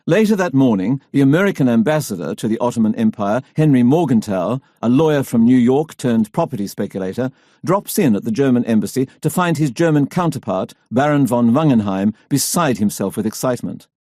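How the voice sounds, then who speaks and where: Mellow-voiced male audiobook narrator. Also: mid-range voice, expressive, dry recording, clean studio sound. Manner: measured, storytelling delivery. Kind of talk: scripted narration.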